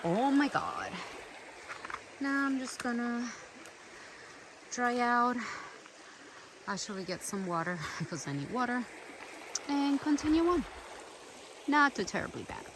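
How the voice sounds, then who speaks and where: A woman's voice: on the high side, big pitch swings, a little slow, pauses often, noisy background. A woman vlogging on a mountain trail, chatting to the camera in a casual, easily delighted way and sometimes short of breath from the climb. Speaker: hiking vlogger.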